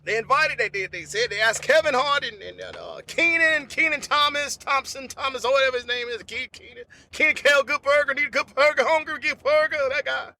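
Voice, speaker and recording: Comic host man, very high and sharp voice, loose rambling slang riffs. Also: brisk, gravelly, few pauses. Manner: rambling, repetitive slangy storytelling. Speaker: podcast host. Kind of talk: unedited comedic monologue.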